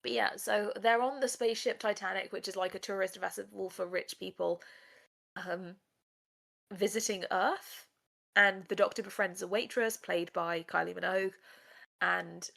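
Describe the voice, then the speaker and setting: A woman's voice: mid-range voice, steady tone, normal speed, gravelly, fairly bright tone. A woman co-hosting a podcast, chatting animatedly in a casual review of a TV episode. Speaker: podcast co-host. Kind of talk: casual discursive review chat.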